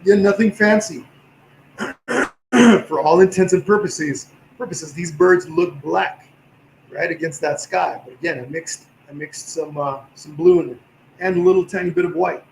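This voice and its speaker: A man with a slightly tired voice, teaching a livestream painting class in a relaxed, encouraging way while he works. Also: fairly high pitch, moderate pace, creaky, roomy sound, a little hiss or hum, poor audio. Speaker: painting instructor.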